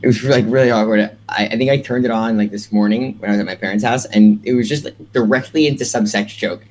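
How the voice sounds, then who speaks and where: A man's voice: lowish voice, quick pace. Chatty young man rambling casually. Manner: chatty, rambling, filler-heavy. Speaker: podcast co-host. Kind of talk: casual chat.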